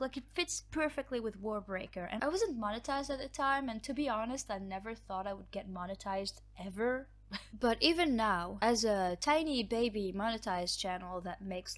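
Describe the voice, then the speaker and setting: A woman's voice: fairly high pitch, animated, moderate pace. A woman hosting a book channel, chatting casually as she reads out viewer comments. She laughs often, mocks herself, and her voice is cracking.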